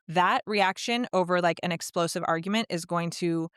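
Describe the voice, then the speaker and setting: Woman coaching earnestly in a smooth voice. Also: fairly low pitch, moderate pace, no echo, studio quality. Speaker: podcast guest. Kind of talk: casual podcast conversation.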